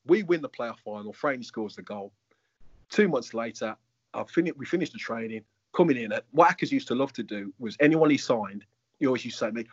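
A man, a former footballer and coach, telling lively anecdotes. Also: mid-range voice, a little fast, no echo, lo-fi sound. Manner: animated, acts out quoted voices. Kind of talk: anecdotal storytelling.

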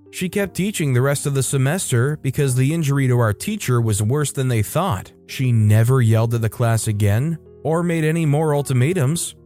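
A man narrating reader stories from an online forum in a steady, measured reading style. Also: medium pitch. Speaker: story narrator. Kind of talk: scripted narration.

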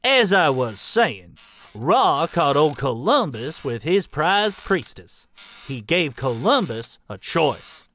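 A man playing a drawling gentleman. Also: fairly high pitch, very animated, takes it slowly, exaggerated voice. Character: pompous genteel old-fashioned gentleman, bumbling and touchy. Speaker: comic presenter. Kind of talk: comedy sketch dialogue.

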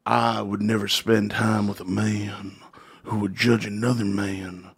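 A man putting on an impression of a grim, curt older male wrestler, speaking low, slow and grave. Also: little pitch movement, vocal fry, husky, full character voice.

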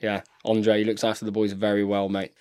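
A man's voice: lowish voice, monotone, fast talker, a little mellow, clear, resonant tone. A man in his thirties, a rugby player chatting casually as a podcast guest, telling stories and saying "mate" all the time. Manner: chatty storyteller, says "mate" constantly. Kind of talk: casual chat.

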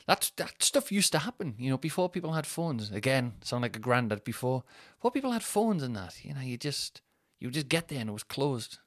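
A man's voice: medium pitch, fairly bright tone, no echo, clean studio sound. A man, hosting a podcast and telling rambling, self-mocking comic stories. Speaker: podcast host. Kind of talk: comic storytelling monologue.

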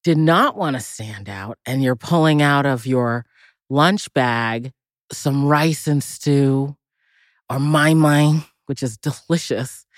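A woman from Massachusetts, an actress being interviewed, telling lively, reflective childhood stories and often laughing. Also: a bass voice, slow, dry recording, clean studio sound. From Massachusetts, USA. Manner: reflective, vivid listing, breaks into laughter. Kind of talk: casual interview storytelling.

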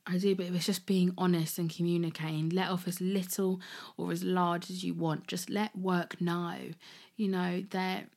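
Low-voiced woman sharing her story. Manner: chatty, many fillers, soft and emotional at times. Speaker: podcast host. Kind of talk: casual personal storytelling.

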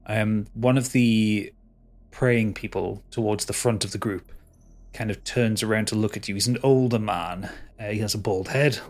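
A man narrating a tabletop game as game master, with many pauses and restarts. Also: lowish voice. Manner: hesitant, full of fillers and restarts.

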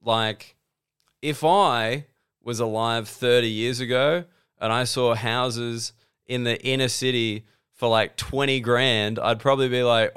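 An Australian man in his thirties delivers a loose, sardonic comedy monologue. He acts out both sides of the exchanges he describes, with a very smooth, resonant voice at a middle pitch. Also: steady tone, takes it slowly, a bit bright. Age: 30s. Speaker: comedian and podcast host.

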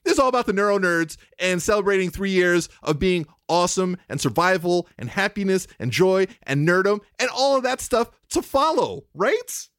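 A man's voice: high voice, expressive, normal speed, hardly any pauses, a bit bright, clean tone, no room sound, studio quality. Emotional, rambling man podcast host. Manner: heartfelt, emotional, rambling with restarts. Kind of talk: casual chat.

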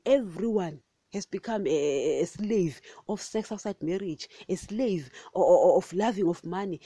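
A woman preaching with fire and scorn, hammering her points home again and again. Her voice is mellow and dark, and the recording is close and dry with no room around it. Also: lowish voice, no echo. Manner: emphatic, repetitive, scolding, calls listeners "guys". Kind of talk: impassioned sermon monologue.

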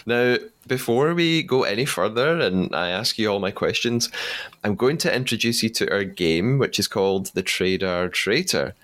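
A man's voice: fairly low pitch, lively intonation, normal speed, a bit bright. A man hosting a podcast interview in a chatty way, laughing easily between questions. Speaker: podcast host.

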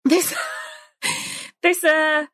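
A woman's voice: sits high, level tone, drawn-out words, fairly bright tone, no echo. A woman co-hosting a cookbook podcast, chatting casually and laughing often. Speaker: podcast co-host. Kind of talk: casual chat.

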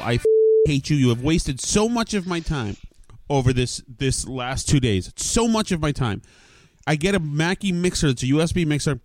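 A podcast host delivering a furious, profane, exasperated rant in a studio. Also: male voice, a little high, a little mellow, no echo. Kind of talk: ranting podcast monologue. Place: studio with recording gear.

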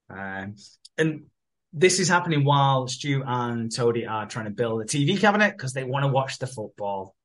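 A man's voice: mid-range voice, very animated, normal speed, fairly bright tone. Man, casual podcast chat, retells scenes and puts on voices, swears a lot. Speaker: podcast co-host. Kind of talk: casual comedic recap chat.

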